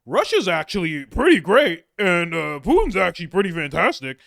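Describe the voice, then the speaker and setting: A man's voice: sing-song, normal speed, gravelly, fairly bright tone, dry recording, studio quality, heavily acted. A man putting on a whiny, smug male pundit as a nasal, sneering caricature. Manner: nasal, sneering, high mock voice.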